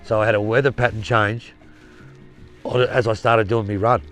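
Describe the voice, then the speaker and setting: A man's voice: lowish voice, flat delivery, normal speed, a bit bright, faint music behind. An Australian man telling a rambling yarn in casual spoken style, blunt and swearing freely. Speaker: storyteller.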